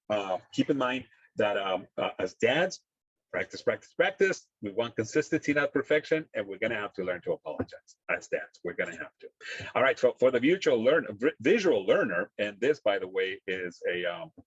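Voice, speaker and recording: A man's voice: lowish voice, sing-song, breathy edge, dry recording. Earnest man talking over a dull call. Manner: earnest, halting with many fillers. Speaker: presenter. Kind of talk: workshop talk. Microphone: video call. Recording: dull, dry audio over a video call.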